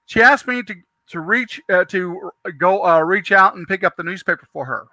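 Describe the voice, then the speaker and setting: A man telling a long rambling story in a casual chat, with frequent restarts and lively asides. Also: high voice, normal speed, no room sound.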